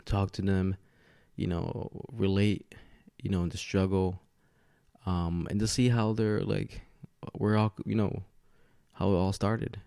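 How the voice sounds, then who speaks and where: His voice sits low, with a level, dark, clean tone, slow pacing, and vocal fry. Hosting a solo podcast from home on a podcast mic with a camera setup, he's slightly tipsy on tequila, rambling casually and laughing often, and the audio is clean studio sound with no room sound.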